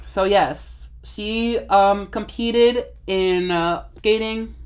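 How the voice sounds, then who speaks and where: A woman's voice: medium pitch, very slow, slight background noise. A woman in her twenties chatting casually and giggling while painting her face in her bedroom, rambling and swearing freely. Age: 20s. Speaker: vlogger.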